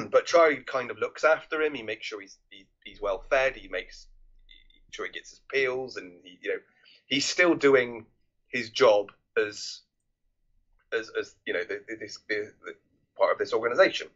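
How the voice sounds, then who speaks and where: A man's voice: medium pitch, animated, moderate pace, a bit bright. Rambling man reviewing films, dull lo-fi audio. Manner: rambling, many restarts and fillers, swears freely. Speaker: podcast co-host. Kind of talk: casual film review chat.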